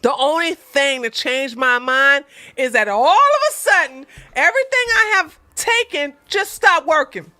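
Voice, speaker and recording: A woman hosts an advice channel, speaking bluntly to her viewers and repeating points for emphasis. Her voice is bright and sits fairly high. The sound is dry and close, with little room echo. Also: expressive, unhurried. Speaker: relationship advice channel host. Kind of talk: storytelling monologue to viewers.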